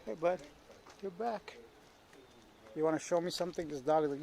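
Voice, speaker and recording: A young man with a slightly high voice talks loosely to his viewers and the stray dogs around him while filming a walk through old streets. Street noise and passing traffic stay clearly audible behind his voice. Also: normal speed, long pauses, darkish tone. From Canada. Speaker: travel vlogger. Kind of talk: casual walking vlog. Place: outdoors on old city streets. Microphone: handheld camera while walking.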